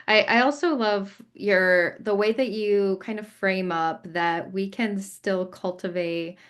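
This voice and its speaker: A woman's voice: medium pitch, slow pace, a bit bright, smooth. A woman hosting a podcast, reflecting aloud and repeating words as she thinks. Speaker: podcast host. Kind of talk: podcast interview.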